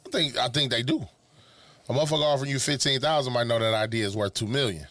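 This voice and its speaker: A man's voice: medium pitch, quick pace, fairly bright tone, dry recording. Profane, slangy man riffing on a podcast. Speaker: podcast co-host. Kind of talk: casual chat.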